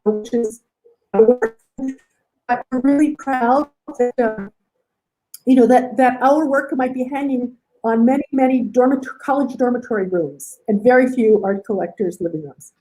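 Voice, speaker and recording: A woman's voice: fairly high pitch, a little slow, warm tone, soft background music, rough recording. A woman artist speaking as a guest on a video call, thoughtful and wry. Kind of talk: casual video call interview.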